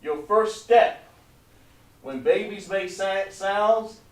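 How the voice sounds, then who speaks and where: A man teaching an online language class, patient and repetitive, drawing out words slowly to model pronunciation. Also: high voice, far from the mic. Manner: patient, repeats points, drawn-out slow pronunciations. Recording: echoey room, voice away from mic.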